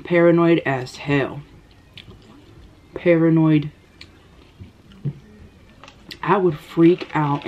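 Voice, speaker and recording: A woman, telling a story in an animated, breathless way while eating on camera. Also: fairly low pitch, a little hiss or hum. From United States. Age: 30s. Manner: animated, gasping, breathless retelling. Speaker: mukbang vlogger. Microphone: camera microphone. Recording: slightly dull lo-fi sound.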